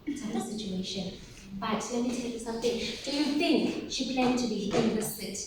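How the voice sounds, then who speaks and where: A high-pitched woman gives a lively motivational talk to a group of teens, firing questions at them and pushing them to answer. She is picked up from across a very echoey room, with faint noise underneath. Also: fairly quick, distant mic. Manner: animated, asks the audience questions and calls for replies. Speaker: workshop speaker for teen girls.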